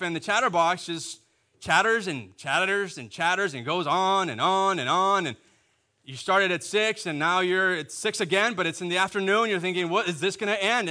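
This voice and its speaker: A married man preaching a sermon to a congregation, repeating phrases and acting out quick asides. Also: high voice. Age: adult, married. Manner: animated, repetitive preaching with acted asides. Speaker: pastor.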